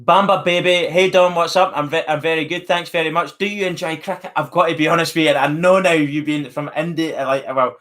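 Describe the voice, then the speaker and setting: A man's voice: on the high side, fairly even intonation, brisk, few pauses, fairly bright tone. A man with a Northern Irish accent hosting a live stream, chatting casually and reading out viewer comments. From Northern Ireland. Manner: chatty, friendly, reads viewer names aloud.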